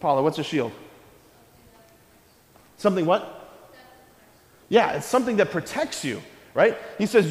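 A man preaching a children's homily as a priest, animated, asking the children questions and repeating key phrases. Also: high-pitched, moderate pace, long pauses, reverberant, in a large hall. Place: church.

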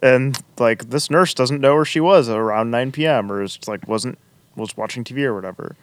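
Man, podcast co-host, loose joking chat, smooth clear voice, dry sound. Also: medium pitch, moderate pace, no echo. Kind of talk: casual chat recapping a TV episode.

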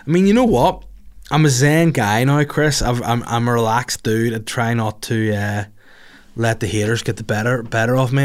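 A man hosting a podcast in casual comedic chat, reading out listener questions with crude, sarcastic humour and frequent swearing. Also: medium pitch. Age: older than the others, adult.

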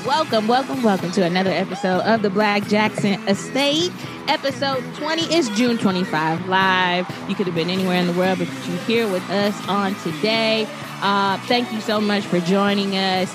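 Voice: mid-range voice, moderate pace, over music. A podcast host opening a live episode in a casual, upbeat, joking way, with churchy exclamations. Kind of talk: casual chat.

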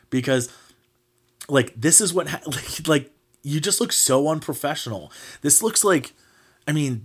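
Man ranting on a sports podcast. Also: mid-range voice. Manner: heated, mocking, swears freely, many fillers. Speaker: podcast host. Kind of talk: casual sports podcast rant.

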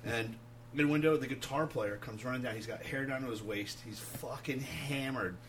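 A man, a touring musician, telling animated road stories full of swearing and acted-out quotes. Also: medium pitch, normal speed, slight background noise. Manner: profane, animated anecdotes acting out quotes. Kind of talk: casual storytelling.

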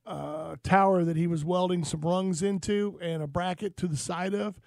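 A man with a high-pitched voice tells loose, rambling stories in casual chat. He is recorded dry and close, with no room sound, and scatters "uh" and "you know" through his talk. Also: fairly even intonation, normal speed, gravelly, a little mellow, dry recording. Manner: rambling anecdotes with frequent fillers.

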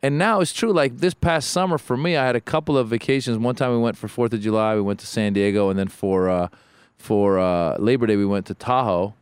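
A man co-hosting a podcast, telling stories in a relaxed, rambling way in casual chat. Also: fairly low pitch, brisk, smooth, no echo. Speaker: podcast co-host.

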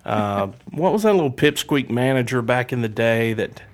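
A man's voice: mid-range voice, expressive, normal speed, slight background noise. A man hosting a casual wrestling podcast, joking and rambling with playful trash talk. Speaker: podcast host.

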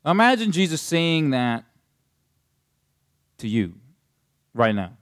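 A man's voice: medium pitch, lively intonation, normal speed, long pauses. Man teaching the Bible casually. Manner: conversational, paraphrasing with lots of fillers. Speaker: pastor.

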